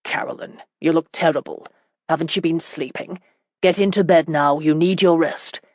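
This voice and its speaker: A woman reading an arrogant, teasing young gentleman who speaks calmly and soothingly. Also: sits low, moderate pace, dry recording, lo-fi sound. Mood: assured. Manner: calm, assured, soothing.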